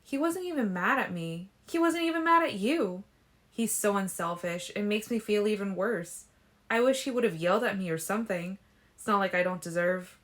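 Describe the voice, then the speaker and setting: A woman's voice: mid-range voice, lightly acted. Woman reading an anxious teenage girl pleading.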